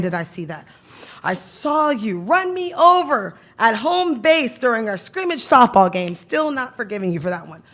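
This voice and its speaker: A woman educator giving a heartfelt public comment, apologetic and speaking to her late mother. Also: mid-range voice. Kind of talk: emotional public tribute.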